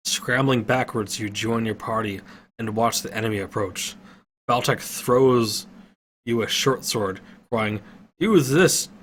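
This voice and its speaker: A man reading an adventure story aloud, steady with occasional slips and self-corrections. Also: fairly low pitch, a little hiss or hum.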